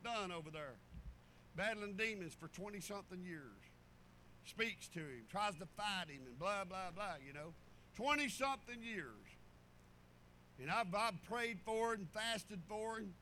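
A man's voice: high-pitched, unhurried, pushed and bright, a little hiss or hum. A man preaching a sermon, folksy and storytelling, repeating phrases for emphasis. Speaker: pastor.

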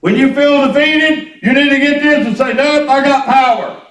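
His voice very high and fairly bright, a man delivers a sermon at normal speed, mixing homespun stories with calls for the congregation to answer back. The church hall sounds echoey, and the mic is far away.

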